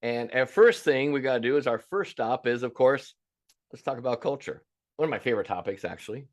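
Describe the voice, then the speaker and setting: Male business coach, mid-pitched voice, punchy and casual, playing out client complaints. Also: brisk. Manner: energetic, emphatic, acts out owners' voices; casual and blunt, swears now and then. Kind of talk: coaching webinar presentation.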